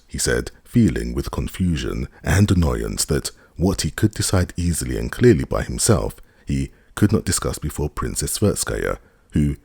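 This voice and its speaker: Male audiobook narrator, extremely low, gravelly voice, husky, lively intonation. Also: normal speed, no echo, studio quality. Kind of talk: scripted narration.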